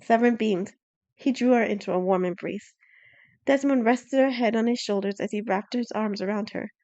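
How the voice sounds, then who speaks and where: Soft-spoken woman narrating an audiobook. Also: medium pitch, moderate pace, dry recording, muffled recording.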